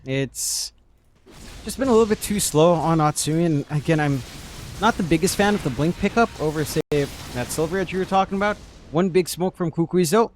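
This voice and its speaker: A man's voice: on the high side, fairly quick, slight background noise. A man casting a pro video game match, playful and reading chat messages aloud between play-by-play. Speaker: esports caster. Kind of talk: esports commentary.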